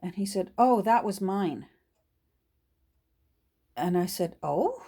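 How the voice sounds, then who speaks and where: A woman's voice: medium pitch, lively intonation, slow pace, mellow. A middle-aged woman chatting casually while she works, showing a book haul to her phone, restarting her sentences as she goes. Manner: drops to a whisper while showing pages. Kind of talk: casual chat while working.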